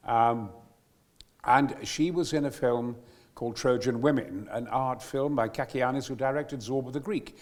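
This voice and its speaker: An older man, a guest actor, telling a long anecdote on stage at a live event with exuberant, theatrical flair and sudden booming outbursts.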